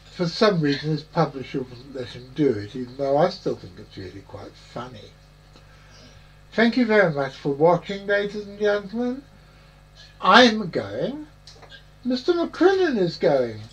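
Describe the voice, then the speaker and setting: A man's voice: a little high, very animated, measured pace, a bit bright, lo-fi sound. A man hosting a podcast in a rambling, jokey chat full of puns. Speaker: podcast host. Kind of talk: casual chat.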